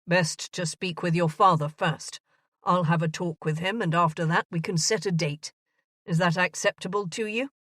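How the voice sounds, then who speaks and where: Lady reading as earnest bumbling regency gentleman, around thirty, a bit lower and louder, dry close sound. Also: fairly even intonation, moderate pace, no echo. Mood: pleading.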